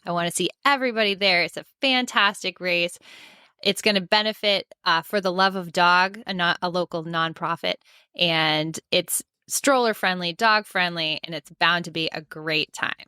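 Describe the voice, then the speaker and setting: An upbeat woman doing a podcast promo, her voice bright and smooth and somewhat low for a woman. She speaks in an eager, promotional way. The sound is dry and close-miked. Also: moderate pace, no room sound. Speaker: podcast co-host and race director. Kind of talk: promo read and casual chat.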